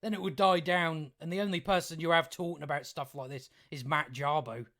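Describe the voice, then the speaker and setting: A man's voice: a little high, fairly even intonation, fairly bright tone. A male YouTube commentator ranting sarcastically, swearing, chuckling and often restarting his sentences. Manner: halting restarts.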